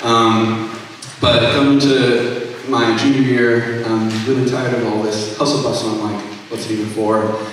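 A young man speaks casually between songs at a student concert, offering a meandering testimony full of fillers and corrections of himself. His mid-range voice moves little in pitch and runs a little slow, captured from a distance in the hall's echo with a bit of hiss or hum.

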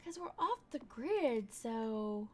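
Woman, high voice, chatty gameplay commentator who talks back to the game, exasperated asides. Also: big pitch swings, slow, darkish tone. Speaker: gaming YouTuber.

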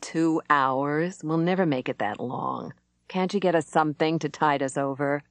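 Narrator lady doing a careful young woman, low voice, dry sound. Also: normal speed, dry recording. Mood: wary. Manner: careful, quiet. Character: cautious young woman prisoner.

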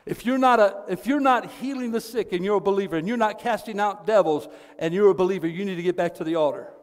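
High-voiced, impassioned male preacher. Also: quick pace, long reverb tail. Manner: impassioned storytelling, building to fervent shouting. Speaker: pastor. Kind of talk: sermon. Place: church sanctuary.

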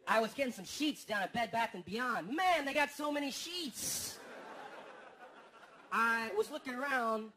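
A man doing a stand-up comedy set on stage, telling stories deadpan and then bursting into loud, exaggerated rants. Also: extremely high pitch, measured pace, slight background noise. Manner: deadpan storytelling that breaks into loud, exaggerated outbursts. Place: comedy stage before a live audience. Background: audience laughter and applause.

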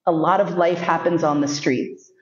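Speaking at normal speed with a lowish voice and fairly even intonation, this sexuality educator from New York City, in her fifties, tells frank, humorous stories in a lecture. She performs the voices of the people she quotes, captured in a muffled, roomy recording.

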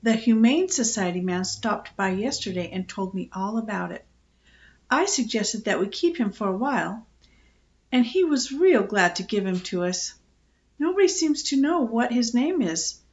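A woman voicing a cheerful young household helper, brisk and matter-of-fact. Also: on the high side, animated, highs cut off.

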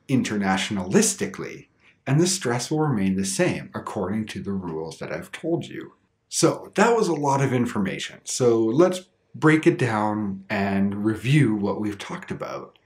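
A man with a Canadian accent teaching an English pronunciation lesson, speaking clearly and deliberately and stressing each example word. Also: on the low side, sing-song, darkish tone.

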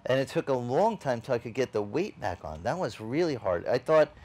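Speaking briskly in a mid-range voice, a male pastor delivers a chatty, conversational sermon built around a personal story. He voices the dialogue of the other people involved, frequently restarts, and addresses the congregation directly.

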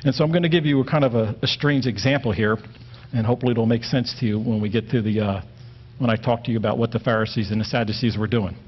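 A man's voice: medium pitch, fast, husky. A man giving a conversational Bible teaching, plain-spoken and stressing single words to make his points. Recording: dull lo-fi recording.

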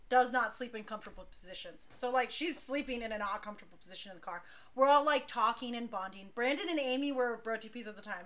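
High bright-voiced woman telling stories. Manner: animated, chatty, laughs between lines. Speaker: dance crew leader telling stories. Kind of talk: casual storytelling on a talk show.

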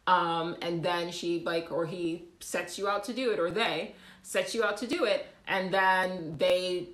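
A woman hosting a casual livestream, talking in an animated way with frequent laughs, fillers and restarts. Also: on the low side, unhurried, reverberant. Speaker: livestream host.

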